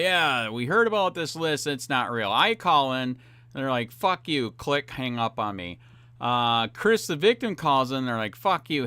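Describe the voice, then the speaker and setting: A man's voice: mid-range voice, bright, forceful tone, clear, resonant tone, no room sound. A man hosting a police watchdog channel, rambling through a profane commentary full of fillers. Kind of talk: ranting video commentary.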